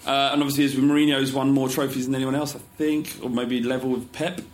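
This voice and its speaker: Fast-talking opinionated man. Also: medium pitch, little pitch movement. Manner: opinionated, argues his point firmly. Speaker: podcast co-host. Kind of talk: casual football talk.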